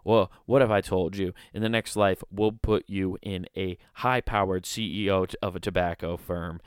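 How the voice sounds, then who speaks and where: A man's voice: low voice, fairly even intonation, clear, resonant tone, dry recording, clean studio sound, lightly acted. A man doing a pushy salesman god. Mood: wheedling. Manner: wheedling, fast sales patter.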